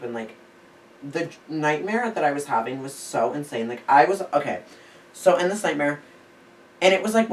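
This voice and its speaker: A young man telling a story in a casual chat, rambling with lots of "like" fillers. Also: a little high. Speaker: podcast co-host. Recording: echoey room, distant mic, faint hiss.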